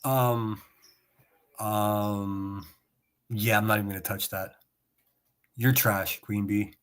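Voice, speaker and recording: A man's voice: lowish voice, level tone, slow, smooth. A man streaming and reacting to clips, ranting in a profane, mocking way and laughing sarcastically at his target.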